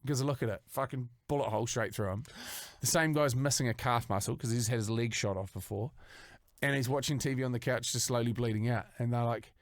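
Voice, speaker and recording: A man's voice: mid-range voice, fast talker, no room sound. Young aussie guy swearing his way through a yarn, dry close mic. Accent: Australian. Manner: swears often, acts out quoted voices. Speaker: podcast co-host. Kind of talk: casual storytelling chat.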